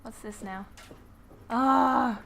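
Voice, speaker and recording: Slow, bright-voiced woman gamer. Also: on the high side, vocal fry, slight background noise. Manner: giggly, self-mocking, flustered muttering to herself. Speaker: gamer playing and commenting. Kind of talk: casual let's-play commentary.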